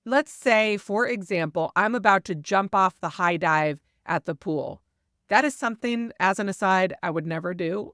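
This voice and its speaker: Calm woman giving parenting advice. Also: fairly low pitch, clean tone, no room sound, studio quality. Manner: calm, explanatory, sometimes animated when modeling phrases. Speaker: parenting podcast host. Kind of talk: advice monologue.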